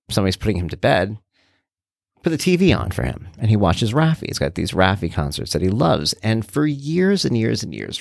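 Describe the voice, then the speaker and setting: Animated man, dry close sound. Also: on the low side, creaky, dry recording. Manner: animated, conversational storytelling. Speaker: podcast host. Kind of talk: casual solo podcast monologue.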